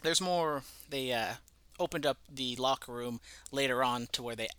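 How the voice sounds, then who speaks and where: A man's voice: mid-range voice, normal speed, bright, forceful tone, clear, resonant tone, no room sound. A man co-hosting a casual sports podcast, rambling and profane as he breaks down a scandal. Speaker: podcast co-host.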